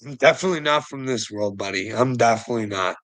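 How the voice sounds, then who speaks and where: A man's voice: medium pitch, fast, fairly bright tone, low-quality recording. A man delivering a rambling, profane monologue as a vlogger, laughing between phrases.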